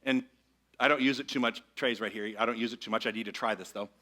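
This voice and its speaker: A man preaching a relaxed, conversational sermon to a live congregation. His voice is bright and forward, and he often pauses to invite the room to repeat a line with him. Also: mid-range voice. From Michigan. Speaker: minister. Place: church sanctuary with congregation.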